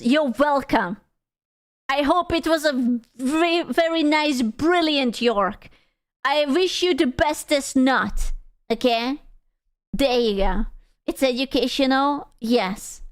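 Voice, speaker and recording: A woman's voice: high-pitched, slow pace, no echo. A woman streamer in casual live-stream chat, joking crudely and reacting to her chat.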